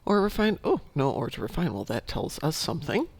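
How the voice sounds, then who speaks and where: A man's voice: a little high, huge pitch swings, brisk, darkish tone, breathy edge, no echo. A man hosting a casual gameplay stream, just woken up and rambling as he thinks aloud. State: sleepy, just woke up. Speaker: gaming channel host.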